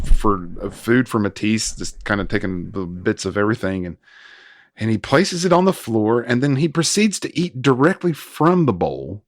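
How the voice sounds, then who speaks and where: A man in his thirties co-hosting a casual film review chat, recapping scenes with quick asides and frequent laughs. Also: mid-range voice, no room sound, studio quality. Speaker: podcast co-host.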